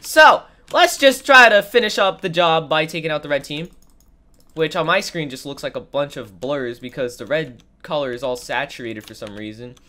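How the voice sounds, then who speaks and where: A woman with a low, nasal voice, stuffed up from being sick, talks her way through a game. Her commentary is sarcastic and full of mock complaints. Her pitch swings widely as she exclaims. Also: expressive, moderate pace, pushed and bright. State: sick, congested. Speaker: gaming video creator. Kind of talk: gameplay commentary.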